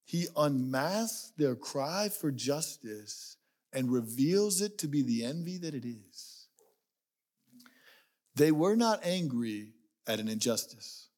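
A man preaching a sermon, telling a story and acting out the voices in it, dropping low and quiet to make a point. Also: expressive, takes it slowly. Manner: storytelling, acts out quoted voices, drops low and quiet for emphasis. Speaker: pastor.

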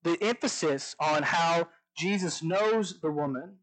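A man's voice: fairly high pitch, a little slow, a bit bright, low-quality recording. A young man giving a sermon in a conversational way, stumbling over restarts as he reads and questions scripture aloud. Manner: conversational with frequent restarts and asides. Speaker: preacher.

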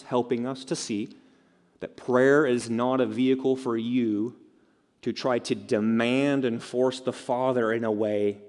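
Pastor, male, mid-pitched voice, chatty sermon delivery, long hall reverb. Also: darkish tone. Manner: conversational preaching with asides and rhetorical questions.

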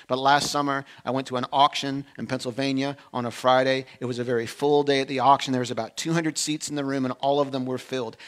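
A man preaching a sermon, telling a personal story with self-deprecating humor and sudden drops from loud emphasis to hushed asides. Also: medium pitch. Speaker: pastor.

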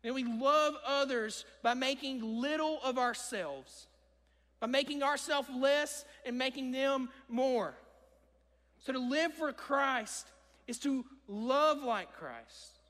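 A young man with a strikingly high voice delivers an earnest sermon and repeats his key phrases for emphasis. His words ring out with a long reverb in a church sanctuary. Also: slow pace, a bit bright. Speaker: preacher.

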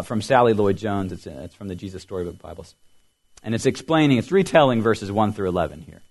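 A middle-aged man pastor preaching a sermon, explaining things clearly and quizzing the children with riddles. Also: mid-range voice, darkish tone.

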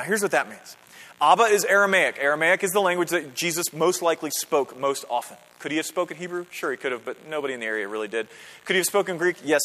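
In a church sanctuary, a pastor preaches a conversational sermon, checking in with the congregation through questions and building to emphatic, rising climaxes. His voice is fairly high and a bit bright, with the long reverb of a church hall.

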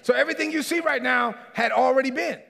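A man preaching a sermon as a pastor in a church. He preaches emphatically, often shouting, and calls out congregants by name. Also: very high voice, quick pace, gravelly. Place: church sanctuary. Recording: reverberant hall.

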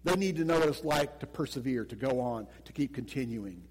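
A man preaching a sermon as pastor, animated, acting out little quotes and often repeating words as he goes. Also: mid-range voice, a little fast, big-room sound, background noise.

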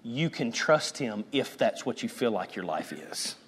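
A man preaching a sermon as pastor, moving between loud calls and hushed, almost whispered lines. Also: medium pitch, big pitch swings, a little slow, in a large hall, slight background noise.

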